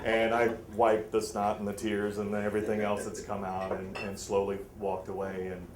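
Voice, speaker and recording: A man telling a funny story live to an audience, self-mocking and animated, his voice jumping high when he gets excited. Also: normal speed, a crowd in the background. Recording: roomy hall with faint ambience.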